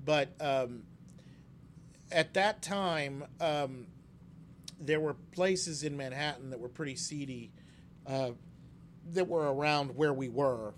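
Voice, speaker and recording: A man's voice: fairly high pitch, slow pace, pauses often, slight background noise. A man co-hosting a casual chat, telling stories and acting out quotes in a raised voice. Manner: animated storyteller, acts out quotes in a raised voice. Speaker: podcast co-host.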